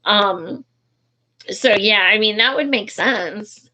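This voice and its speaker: A political activist speaks slowly in a medium-pitched, sharp voice in a casual, heated vlog. She swears often, restarts her sentences, and uses many fillers, and the recording sounds dull and lo-fi.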